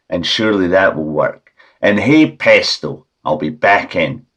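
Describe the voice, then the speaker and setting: A Scottish man hosting a comedy podcast with a deadpan, rambling absurdist monologue. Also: on the low side. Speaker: podcast host.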